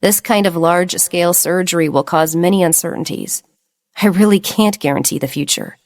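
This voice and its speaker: A woman voicing a gravely ill young man who speaks gently and solemnly. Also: on the low side, brisk, close to an everyday voice.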